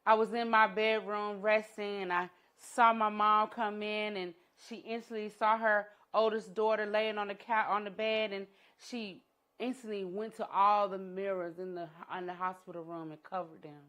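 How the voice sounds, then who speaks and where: A middle-aged woman shares her personal journey in a conference talk. She tells it dramatically, with her voice falling soft and low at the heaviest moments. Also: little pitch movement, normal speed. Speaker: entrepreneur and educator giving a talk. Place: conference room.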